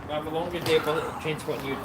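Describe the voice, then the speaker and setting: A man bantering as a friend on an outdoor livestream, cracking quick jokes and butting in. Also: a little high, fairly even intonation, background noise. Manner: quick wisecracks, interjects. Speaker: co-host, friend. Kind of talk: casual banter. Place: outdoors at a railway station.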